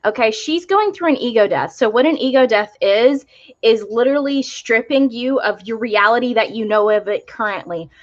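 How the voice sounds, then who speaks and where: A young woman with a fairly high voice runs a live tarot reading, chatting loosely and filling her talk with "like". Her sound is dull and lo-fi, as from a home live stream. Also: lively intonation, normal speed. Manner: chatty, many fillers, spiritual talk. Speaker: tarot reader.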